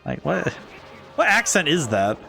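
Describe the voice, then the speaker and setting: Male streamer, higher voice, animated and rambling. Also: measured pace, creaky, soft background music. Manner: rambling, excitable, frequent laughs and restarts. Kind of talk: casual gameplay commentary.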